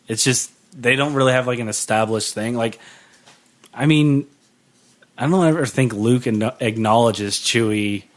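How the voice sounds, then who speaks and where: A man's voice: medium pitch, unhurried. A man in his thirties chats casually on a podcast with friends. He rambles and restarts, filling his talk with "like", in an ordinary mid-range voice. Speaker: podcast co-host. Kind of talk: casual chat.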